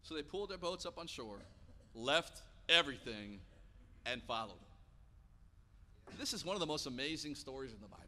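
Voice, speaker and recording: A man in his thirties preaching a sermon in church, telling stories and acting out the quotes with lively energy. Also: a little high, fast. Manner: animated storytelling, acting out quotes. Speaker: pastor. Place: church sanctuary. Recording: long church hall reverb.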